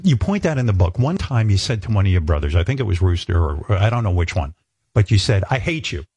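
Husky needling talk host in his sixties. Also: sits low, sing-song, fast talker, dark tone, no echo. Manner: needling, mock-earnest questioning. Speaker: radio host. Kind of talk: interview.

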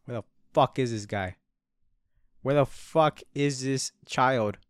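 A young man in his early twenties rambles through a story, full of swearing and "bro". His voice is clean and smooth, at an ordinary male pitch. It is recorded close and dry, with no room sound. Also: takes it slowly, dry recording. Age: 20s. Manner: rambling and profane, with frequent "bro" and "dude". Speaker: podcast host. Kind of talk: casual storytelling.

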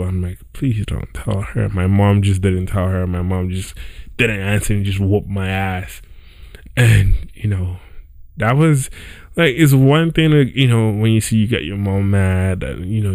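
A young man hosts a podcast from a home setup with a squeaky chair, telling a story in a loose, chatty monologue and often checking in with "right?" and "yo." His voice is lowish and a little mellow, with no echo.

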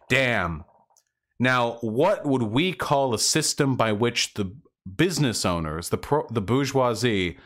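A man with a somewhat low voice hosts a reaction commentary, picking apart clips. His delivery is sarcastic and mocking, full of dry asides. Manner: sarcastic, rebutting. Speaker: commentary video host.

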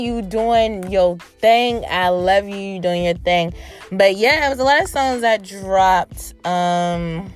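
Woman podcast host, brash and profane, solo talk with faint music behind. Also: mid-range voice. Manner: brash, profane and animated, talking straight to listeners. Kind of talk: casual solo podcast chat.

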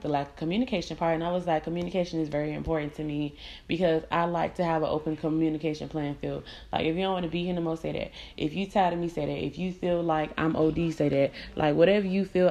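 A young adult woman hosting her own podcast, telling candid, profane stories in casual chat and acting out the people she quotes. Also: low-pitched. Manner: candid, profane, animated storytelling with quoted voices. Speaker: podcast host. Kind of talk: casual storytelling monologue.

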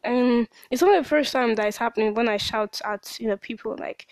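A podcast host who owns a small business talks through her distress on a personal diary episode, worn out from crying and restarting her broken sentences. Her voice sits fairly high, moving at a moderate pace with few pauses, and there's no echo.

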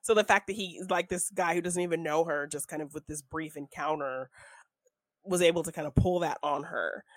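A woman's voice: sits low, brisk, no room sound. A young woman co-hosting a casual film chat, talkative, laughing often and acting out scenes in quoted voices. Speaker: podcast co-host reviewing a film.

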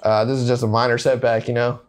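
A laid-back man sharing stories on a podcast. He laughs easily and talks in loose, rambling phrases full of fillers. His pitch sits in the middle for a man. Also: little pitch movement, quick pace. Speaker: podcast guest, Marine veteran. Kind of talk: casual storytelling chat.

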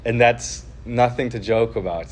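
A man gives an earnest, casual religious talk, stopping and restarting as he thinks aloud. His voice sits at an ordinary middle pitch. A faint hiss runs under the recording. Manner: earnest, halting, many fillers and restarts. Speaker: podcast host teaching on the Ten Commandments.

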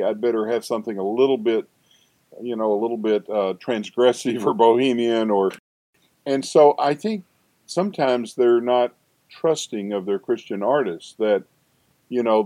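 A man's voice: mid-range voice, mellow, no echo. Older man, rambling interview talk. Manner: rambling, self-interrupting, frequent restarts and asides. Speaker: seminary professor, guest. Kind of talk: conversational interview.

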